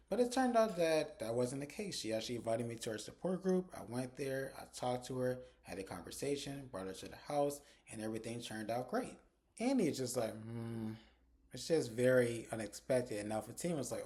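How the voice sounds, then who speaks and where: A young man casually recapping a TV episode to his viewers, chatty and animated, acting out the characters' lines as he goes. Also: mid-range voice, brisk. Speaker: TV episode reviewer.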